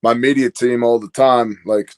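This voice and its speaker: A man's voice: medium pitch, fairly even intonation, normal speed, clean tone. A man talking casually as a podcast guest, rambling and storytelling with lots of fillers. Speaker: guest, business owner.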